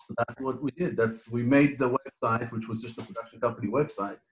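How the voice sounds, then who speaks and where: A young man with an Israeli accent, a guest on a casual podcast, talking in a relaxed, halting way with a dry sense of humour. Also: mid-range voice, slight background noise, poor audio. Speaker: guest, indie filmmaker.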